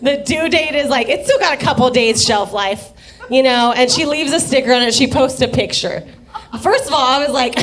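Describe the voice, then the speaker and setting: A woman's voice: high-pitched, normal speed, fairly bright tone, faint music behind. A young woman doing a rambling, profane stand-up set in a bar, often laughing at her own jokes. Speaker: stand-up comedian. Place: dive bar comedy stage.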